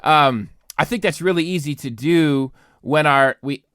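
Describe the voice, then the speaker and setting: A man's voice: on the high side, unhurried, a bit bright, clean tone, no room sound, studio quality. A congested man, a pastor co-hosting a podcast, talking earnestly in casual chat with many restarts.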